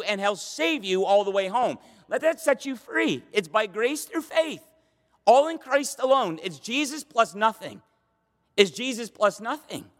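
Male pastor, high voice, impassioned sermon delivery, long hall reverb. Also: fairly bright tone. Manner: impassioned, repeats and restarts phrases.

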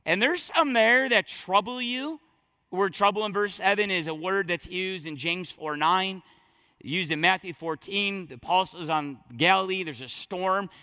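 A man preaching a sermon to his congregation, talking straight to them with emphatic, conversational delivery that drops low and surges back up. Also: normal speed, pushed and bright. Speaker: pastor. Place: church sanctuary.

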